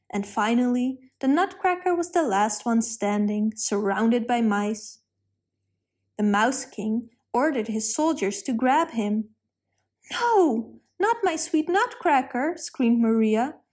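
A woman narrating a children's storybook in a calm, clear read-aloud manner. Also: a little high.

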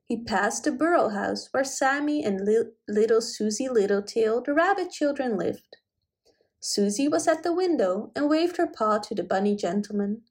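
Woman gently reading a children's story. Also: a little high, animated, moderate pace. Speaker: narrator.

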